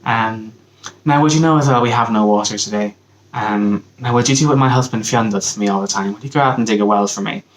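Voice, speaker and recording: A man's voice: fairly low pitch, fast talker, slight background noise, natural voice, poor audio. A man with an Irish accent raising his voice to play a clever giant's wife who tricks a rival with falsely innocent politeness. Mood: sweetly sly.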